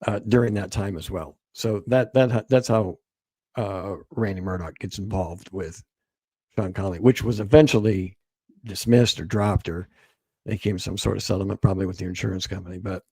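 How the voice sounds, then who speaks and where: Gravelly low-voiced man telling a story. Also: warm tone, dry recording. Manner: halting, repeats words, quotes others. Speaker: guest author. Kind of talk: storytelling interview.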